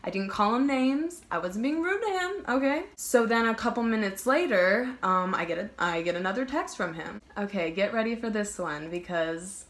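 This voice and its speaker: A woman's voice: medium pitch, expressive, moderate pace, hardly any pauses, a bit bright. A young woman vlogger telling a casual storytime, emphatic and heated, swearing and filling her talk with "like".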